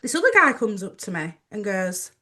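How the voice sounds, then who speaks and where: A woman's voice: medium pitch, very animated, moderate pace, bright, forceful tone. A woman co-hosting a podcast, telling anecdotes animatedly and laughing often. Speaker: podcast co-host. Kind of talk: casual chat, storytelling.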